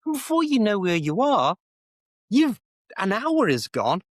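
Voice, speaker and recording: A man's voice: high-pitched, wildly swooping pitch, a little slow, dry recording. Chatty Liverpool-accented man, dry sound. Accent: Liverpool English. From England. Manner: chatty, explains idioms with rambling examples. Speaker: co-host, English teacher. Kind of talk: casual chat. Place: indoor home office.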